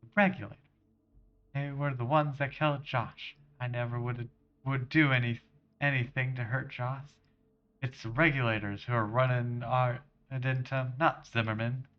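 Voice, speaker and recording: A man voicing a nervous young woman who leads a gang, reading her lines haltingly in his own voice. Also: mid-range voice, steady tone, lo-fi sound, close to an everyday voice. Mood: grieving.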